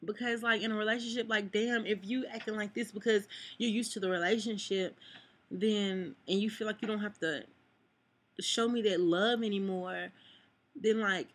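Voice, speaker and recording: A woman's voice: medium pitch, steady tone, normal speed. A young woman talking to her camera in a personal vlog, rambling and full of "like", close to tears at times. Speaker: vlogger. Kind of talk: emotional personal vlog talk. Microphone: camera mic.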